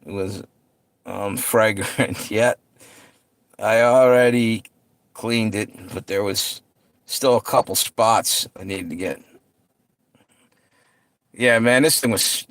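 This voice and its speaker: A man's voice: mid-range voice, fairly bright tone, no echo. A middle-aged man hosting a livestream, chatting casually with viewers and telling stories, laid-back, laughing often and swearing freely. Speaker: livestream host.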